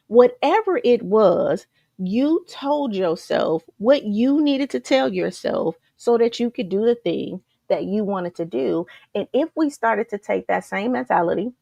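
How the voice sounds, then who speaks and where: Woman coach, fired-up motivational talk, gravelly edge, dry close sound, keeps asking the listeners questions. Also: medium pitch, dry recording. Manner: energetic, repetitive, rhetorical questions, keeps saying "you guys". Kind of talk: live motivational talk to an online group.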